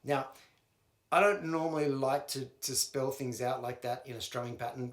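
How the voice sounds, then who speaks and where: A man's voice: mid-range voice, fairly even intonation, moderate pace. Man teaching guitar in a roomy room. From Australia. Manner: counts and sings rhythms aloud while playing. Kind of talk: instructional walkthrough. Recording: roomy sound with loud guitar playing.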